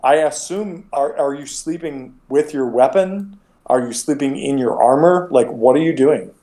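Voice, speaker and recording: A man's voice: mid-range voice, normal speed, warm tone. Rambling casual male game master. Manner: casual, rambling with frequent restarts. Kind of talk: narrating a tabletop game.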